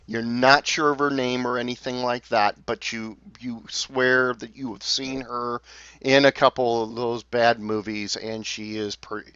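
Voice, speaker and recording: A man running a tabletop game as game master, talking haltingly with many fillers and restarts. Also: mid-range voice, flat delivery, sharp tone, clear, resonant tone, no room sound, dull audio.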